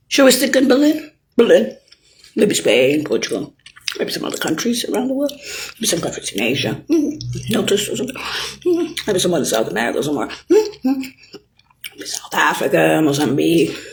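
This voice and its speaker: A woman's voice: mid-range voice, slight background noise. Rambling, swearing woman ranting. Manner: rambling, swearing, swings from shouting to whispering. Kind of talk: rambling monologue.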